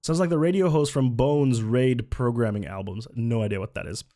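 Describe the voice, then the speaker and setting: Speaking at normal speed in a warm, medium-pitched voice, a young man rambles and jokes through a casual livestream chat. He frequently interrupts himself, dropping sentences halfway.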